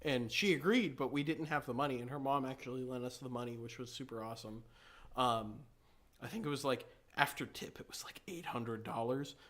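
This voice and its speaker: A man with a middle-pitched, ordinary voice talks earnestly in a relaxed podcast chat. He speaks plainly and pauses on the odd "um".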